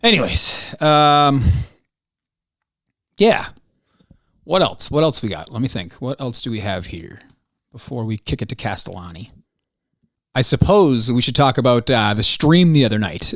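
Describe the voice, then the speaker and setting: A man's voice: medium pitch, expressive, measured pace, pauses often, a bit bright, dry recording, clean studio sound. A man hosting a podcast, talking casually on his own, ranting and swearing, his voice jumping up when he gets worked up. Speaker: podcast host. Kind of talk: casual solo podcast monologue.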